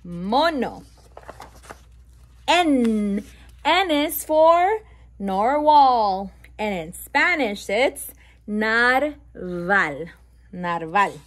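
A woman's voice: fairly high pitch, animated, fairly bright tone. A woman reading a bilingual picture book aloud to toddlers, stressing each letter sound and adding playful animal noises. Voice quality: slow, sound-by-sound letter emphasis. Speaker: children's book reader.

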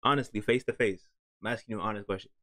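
A young man giving slangy, animated reaction commentary into his camera, swinging from mock outrage to high squeals. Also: rapid-fire, no echo, clean studio sound. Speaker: meme video creator.

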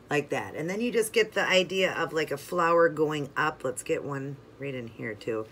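While working on a toe design, a nail art channel host walks viewers through every step of this craft tutorial in a chatty, relaxed manner, sometimes moving away from the mic. The voice is mid-range at a normal pace with few pauses, and there's a faint hiss or hum.

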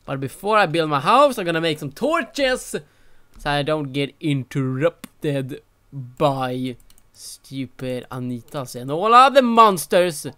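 Slow, animated young-sounding man narrating gameplay. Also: on the high side, smooth. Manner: animated, exasperated self-talk with frequent exclamations. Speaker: gaming channel host. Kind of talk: let's-play gameplay commentary.

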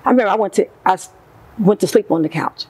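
A middle-aged woman, a guest in an interview, recounting her past in an emotional, animated way and acting out what people said. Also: medium pitch, quick pace, crowd noise, poor audio. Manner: emotional, animated retelling with quoted voices. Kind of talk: personal story in an interview.

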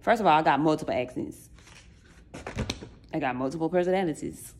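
A woman's voice: sits low, brisk, a little mellow, slight background noise. A woman in her late twenties chatting casually and straight to her viewers, with loose folksy slang. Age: late 20s. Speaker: vlogger.

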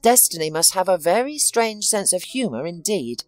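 A woman's voice: fairly low pitch, big pitch swings, moderate pace, darkish tone, no echo, faint music behind. A woman reading the lines of a weary, betrayed young wife in a storybook narration, speaking weakly and sadly. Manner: weak, sad, resigned.

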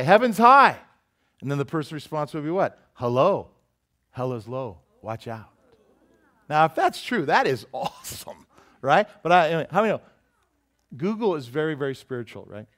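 A male pastor giving a lively sermon, often asking the congregation questions and acting out quotes with sudden shouts. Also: on the high side. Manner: animated preaching with call-and-response asides to the congregation.

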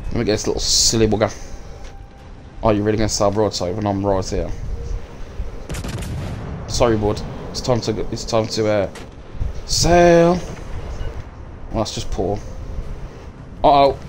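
A man's voice: fairly low pitch, level tone, normal speed, long pauses. Man, live game stream, sweary banter, faint noise behind. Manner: swearing, banter, mock taunts. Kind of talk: live gameplay commentary.

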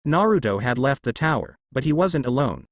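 A man's voice: mid-range voice, sing-song, fairly quick, dry recording. A man narrating a fan story aloud in a straightforward storytelling manner.

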